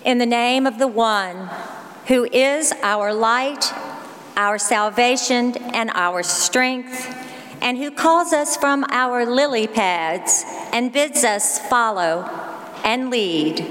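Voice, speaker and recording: Measured woman preacher, unhurried sermon storytelling; reverberant church. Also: fairly high pitch, animated, a bit bright.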